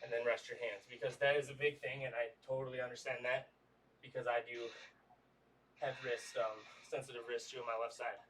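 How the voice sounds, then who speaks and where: A man's voice: medium pitch, level tone, fairly quick, fairly bright tone. Man, fitness trainer, livestream workout cues, easygoing, distant camera mic, faint background noise. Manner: easygoing, coaching with lots of "y'all" and "okay?".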